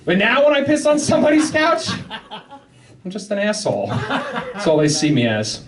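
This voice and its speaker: Rambling high-voiced comedian in a crowded club. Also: male voice, wildly swooping pitch, normal speed. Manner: rambling, self-deprecating, swears a lot. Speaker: stand-up comedian. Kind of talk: open-mic stand-up set. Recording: live club mic, heard from a distance with audience. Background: crowd laughter.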